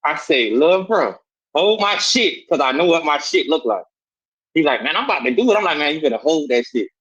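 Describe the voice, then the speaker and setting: A man from Savannah, Georgia, with a Southern accent, guesting on a show and telling his life story through a street tale in casual talk. His voice is on the high side with a breathy edge, he talks fast, and he animatedly acts out the voices in quotes. The recording has a dull lo-fi sound.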